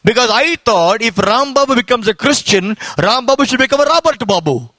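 A man's voice: very high voice, lively intonation, brisk, pushed and bright. A man from India giving a fervent sermon testimony as an evangelist, telling his story with repetition and rising exclamations.

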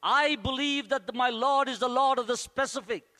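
High, bright-voiced pastor. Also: male voice, normal speed. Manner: earnest, repetitive emphatic phrasing. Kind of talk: sermon.

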